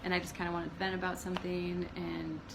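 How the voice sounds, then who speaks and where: A woman's voice: fairly low pitch, fast talker, creaky, noisy background. A woman in her thirties co-hosting a casual chat about marriage, telling stories with lots of laughter and acted-out quotes. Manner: animated storyteller, laughs often, acts out quotes. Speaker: co-host of a marriage channel.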